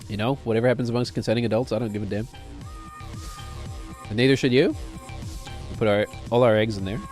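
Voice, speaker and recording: A man's voice: medium pitch, steady tone, fast, a little mellow, faint music behind. A man streaming a game, rambling and joking to himself as he plays. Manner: rambling, jokey, talks to himself while playing. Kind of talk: casual gameplay commentary.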